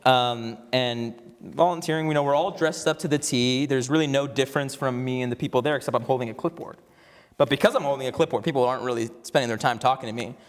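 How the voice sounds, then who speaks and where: A young alumnus, an actor in his twenties, tells a story on stage at a campus event, talking fast at a medium pitch. He's chatty, full of fillers, restarts and laughter, and the large room in front of the audience gives a long hall reverb.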